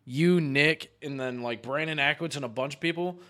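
A young man in casual podcast chat, an animated storyteller who swears often and laughs mid-sentence. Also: on the high side, normal speed. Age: young adult. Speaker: podcast host.

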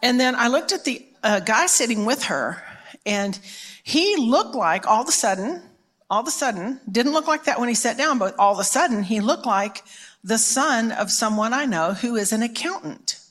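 A woman's voice: a little high, expressive, moderate pace, a bit bright. A middle-aged woman from Texas, giving a storytelling sermon at a conference in a chatty, self-mocking way with frequent restarts. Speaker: conference preacher.

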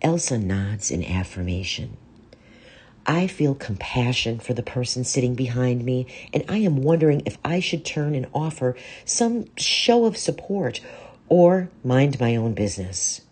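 Narrator: earnest, measured woman, very low and husky. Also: animated, darkish tone. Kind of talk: first-person story reading.

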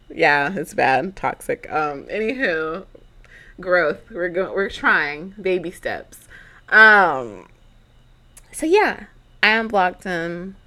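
Dramatic chatty young woman, bright voice. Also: mid-range voice, big pitch swings, slow pace. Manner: chatty, dramatic, lots of fillers and asides. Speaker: podcast host. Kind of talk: casual storytelling monologue.

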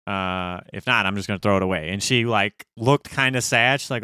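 A man's voice: fairly low pitch, fairly quick, bright, forceful tone, clean tone, dry recording, studio quality. A man co-hosting a podcast, telling a story in casual, profane chat and hamming up the voices he quotes. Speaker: podcast co-host.

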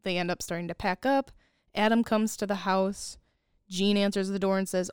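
A woman casually retelling a movie plot on a podcast, animated, often quoting the characters and laughing. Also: medium pitch, normal speed, smooth, no room sound, clean studio sound. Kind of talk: casual movie recap chat.

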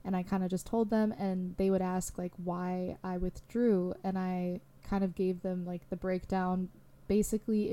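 A woman's voice: lowish voice, dark tone. A young adult woman hosting a solo podcast, talking candidly in a rambling way with lots of fillers. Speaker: podcast host.

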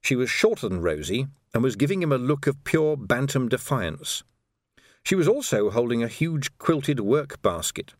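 A man reading a novel aloud as narrator in a measured, expressive way. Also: mid-range voice, no room sound, studio quality. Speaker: audiobook narrator. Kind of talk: scripted narration.

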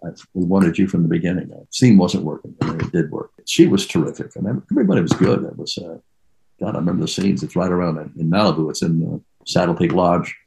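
A man's voice: sits low, lively intonation, fast, gravelly, a little mellow, rough recording. An older actor being interviewed, telling rambling anecdotes and trailing off as he reminisces.

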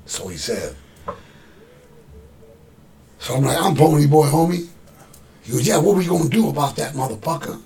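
Guy with a gravelly voice spinning a rough street story, cussing a lot, slightly high pitched, faint room noise. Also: moderate pace, pauses often. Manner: profane, animated street storyteller acting out quotes. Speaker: guest telling a story. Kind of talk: casual storytelling.

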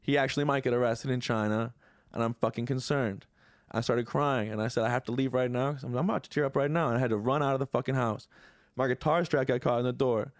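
A man's voice: medium pitch, quick pace, dry recording, studio quality. A man co-hosting a podcast, telling a story in a loose, profane, emotional way while tearing up. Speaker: podcast co-host. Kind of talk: casual podcast banter.

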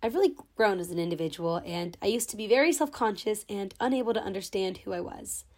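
A woman's voice: mid-range voice, fast. A young woman hosting her own podcast, speaking a sentimental thank-you monologue and holding back happy tears. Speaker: podcast host. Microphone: own camera.

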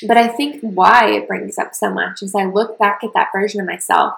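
A woman's voice: mid-range voice, steady tone, normal speed, vocal fry, a bit bright, reverberant, low-quality recording. A woman hosting her own podcast, telling her personal story in an earnest, confessional way. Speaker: podcast host.

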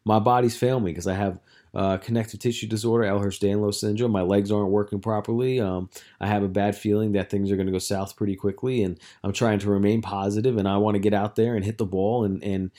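A man's voice: on the low side, steady tone, fast talker, dark tone. A young man hosting a casual solo podcast as a coach, telling stories in a rambling, profane way with lots of filler words.

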